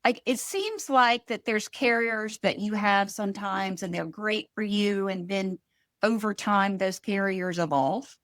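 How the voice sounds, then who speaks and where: A woman with a Southern US accent on a panel, talking in a chatty, animated and teasing way. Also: medium pitch, unhurried, dry recording, studio quality. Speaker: co-host. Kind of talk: casual panel talk.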